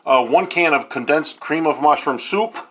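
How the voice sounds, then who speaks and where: Bright-voiced man in his fifties, rambling. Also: a little high, normal speed. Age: 50s. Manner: rambling, many ums and uhs. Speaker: home cook host. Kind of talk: casual cooking vlog.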